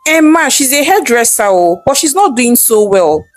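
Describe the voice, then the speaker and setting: A woman puts on a young Nigerian policeman, keen to please and quick to exclaim. He pitches up high as he talks. The storybook reading sounds close and dry. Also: sing-song, no echo, faint music behind. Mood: eager. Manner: pleading, exclamatory, with pidgin tags. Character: excitable young male police guard, eager to please.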